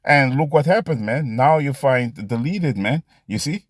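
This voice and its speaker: Man, mid-pitched, casual street-preacher delivery, repeats "you see", laughs between points, dry close sound. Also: animated, unhurried, no echo. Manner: repetitive, ends phrases with "man" and "you see". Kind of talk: casual preaching with scripture readings.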